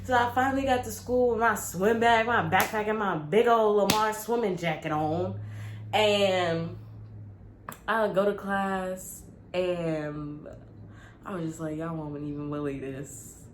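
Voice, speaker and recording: A young woman vlogger telling a casual, animated story with lots of slang. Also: medium pitch, a little slow, a little hiss or hum. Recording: roomy with faint ambience.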